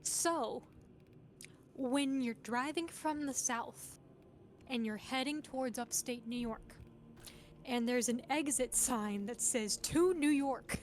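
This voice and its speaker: A woman's voice: fairly high pitch, slow, a little hiss or hum. A woman on a gaming stream telling a family story casually, acting out the quotes with energy. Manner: animated storyteller who acts out quotes. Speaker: guest chatting on a gaming stream.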